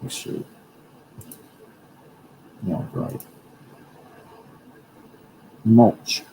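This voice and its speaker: Drawing out his words over background noise, a man who is a plant scientist hosts a casual live stream. He reads through slides in a rambling, chatty way, often correcting himself.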